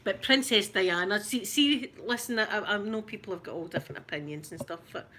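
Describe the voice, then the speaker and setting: A woman's voice: medium pitch, brisk, sharp tone. A middle-aged woman from Glasgow with a Glaswegian Scottish accent, chatting in a rambling, giggly way while unboxing makeup. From Glasgow, Scotland. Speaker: ASMR channel host.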